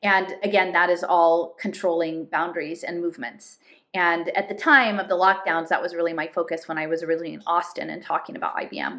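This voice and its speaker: A woman reading a novel aloud and pausing for thoughtful, measured commentary. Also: lowish voice, creaky, a bit bright. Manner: thoughtful, measured asides with fillers. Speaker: reader and commentator.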